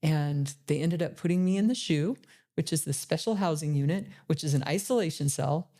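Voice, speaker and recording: A woman in her forties speaks as a motivational speaker, telling her own story with candid emotion. Her voice is mellow and soft-edged, and she often slows down on the hardest memories. She laughs now and then between lines. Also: low-pitched. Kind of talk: personal storytelling talk.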